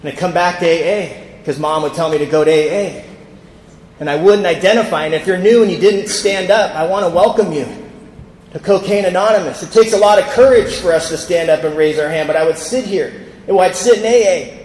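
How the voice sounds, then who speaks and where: A man from California stands before a convention crowd and tells his recovery story in a candid storytelling way, acting out the voices he quotes. His voice sits fairly high for a man. The sound carries the long reverb of a big, echoey hall. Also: fairly quick, a little mellow, slight background noise. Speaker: recovery speaker. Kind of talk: personal recovery talk at a convention.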